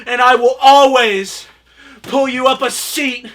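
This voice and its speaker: Overwrought bright-voiced reviewer, tearful shouting. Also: high voice, steady tone, slow pace, slight background noise. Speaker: reviewer hosting own channel. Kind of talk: comedic over-the-top product review.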